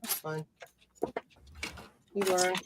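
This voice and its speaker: A man's voice: high voice, steady tone, extremely slow. A man hosting a casual livestream, assembling a clock kit and joking at his own expense while talking through each step. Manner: self-deprecating, muttering steps aloud while working with his hands. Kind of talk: casual group livestream chat. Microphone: video call. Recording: noisy call audio.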